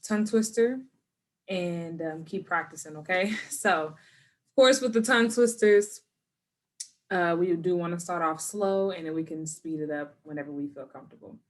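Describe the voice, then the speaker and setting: A woman teacher with a fairly low voice records a lesson for her students at home. She's patient and encouraging, slowing down to model words clearly.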